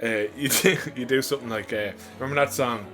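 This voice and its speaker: A man's voice: mid-range voice, fast, fairly bright tone, faint music behind. A man in casual podcast chat, chiming in with his own school stories and swearing freely. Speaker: podcast co-host.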